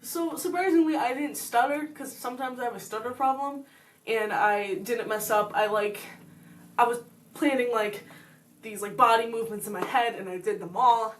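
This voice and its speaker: A woman's voice: fairly high pitch, moderate pace, recorded from a distance, a little hiss or hum, rough recording. A young woman co-hosting a podcast, telling a story in a chatty way, often acting out what she said, with lots of "like" and "um". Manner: chatty, quotes herself often, many fillers. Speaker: podcast co-host. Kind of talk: casual chat.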